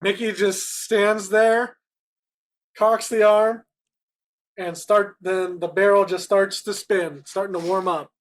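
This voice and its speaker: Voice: mid-range voice, fairly even intonation, slow pace. A player in a tabletop role-playing game, talking in a playful, joking way. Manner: playful, jokey.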